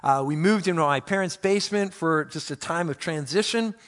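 A man, a pastor, preaching a sermon with animated, self-mocking storytelling and playful complaints to God. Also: a little high, a little fast.

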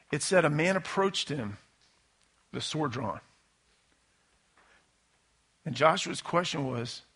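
A man preaching a sermon in a conversational, animated way, with sudden bursts of loud emphasis. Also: on the high side. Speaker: pastor.

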